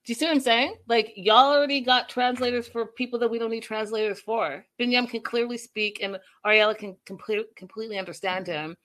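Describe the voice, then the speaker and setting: A young adult woman hosting a casual livestream recap, chatting with viewers and acting out quotes in an animated way. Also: a little high, a little fast, few pauses. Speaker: show recap host.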